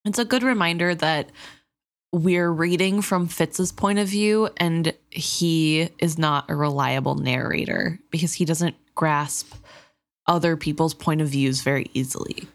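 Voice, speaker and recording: Low-voiced reflective woman. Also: measured pace. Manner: reflective, analytical. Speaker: podcast co-host. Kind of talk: book discussion.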